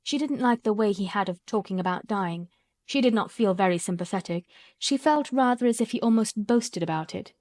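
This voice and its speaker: A woman reading a classic novel aloud as an audiobook narrator, in a calm, measured storytelling manner. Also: mid-range voice, no echo, clean studio sound. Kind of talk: scripted narration.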